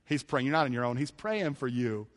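A man preaching a sermon who talks in an animated way, swinging between loud bursts and hushed passages and laughing often. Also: medium pitch, brisk. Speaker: pastor. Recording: long hall reverb.

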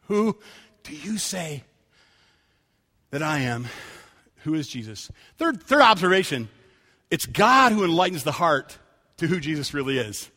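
High, bright-voiced man preaching in a hall. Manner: storytelling, conversational with rising emphatic calls. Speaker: pastor. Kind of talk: sermon. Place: church sanctuary. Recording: church hall reverb.

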